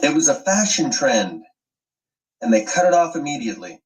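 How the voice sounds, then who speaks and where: A man's voice: fairly high pitch, sing-song, normal speed, distant mic, low-quality recording. A man hosting an online commentary video, ranting with emphatic, profane sweeping claims.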